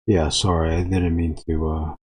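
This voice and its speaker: A man chatting casually to viewers while drawing on a live stream, rambling with frequent halting restarts. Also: deep voice, flat delivery, a little mellow, husky.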